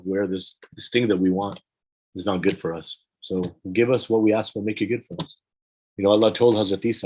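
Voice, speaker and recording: A man preaching and leading a supplication in a pleading, earnest way, with a husky voice. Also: fairly low pitch, a little mellow, low-quality recording. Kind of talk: religious sermon and prayer.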